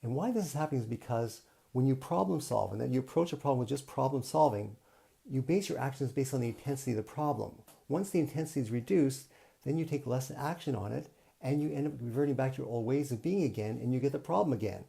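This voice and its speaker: A man's voice: mid-range voice, fast, creaky, mellow. A man giving an earnest, teacherly motivational talk on a live stream, often repeating himself to drive his points home. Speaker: self-help coach.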